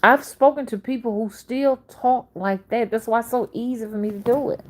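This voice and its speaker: A woman's voice: fairly high pitch, steady tone, moderate pace. Rambling Southern woman in her fifties. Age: 50s. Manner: rambling, jumps between topics. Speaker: spiritual reader and channel host. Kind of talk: casual spoken monologue.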